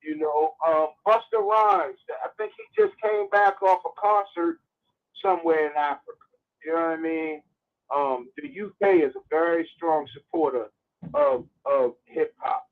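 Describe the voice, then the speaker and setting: A man's voice: on the high side, sing-song, moderate pace, gravelly. A man calling in to a radio show, talking animatedly and stumbling over repeated words, heard through a phone line. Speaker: caller. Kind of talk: call-in radio commentary.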